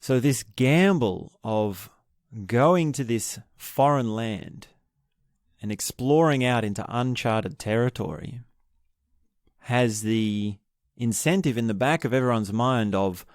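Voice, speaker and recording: A man's voice: medium pitch, animated, slow, no echo, studio quality. A man hosting a book podcast, retelling a historical story in a casual, thinking-aloud way with restarts and asides. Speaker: podcast host.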